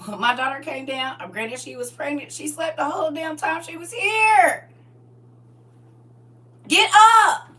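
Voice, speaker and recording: A middle-aged woman preaching through funny stories, chatting directly with the crowd and now and then bursting out loudly. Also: high-pitched, a little fast. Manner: lively and chatty, teasing the crowd directly, sudden loud outbursts. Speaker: speaker at a live church gathering. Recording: far-off mic with faint hum.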